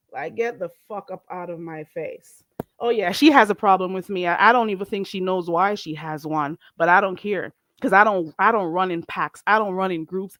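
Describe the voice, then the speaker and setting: A woman's voice: medium pitch, a bit bright, no echo. A woman from Jamaica hosting a livestream, ranting in a profane, combative and mocking way. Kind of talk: heated livestream rant.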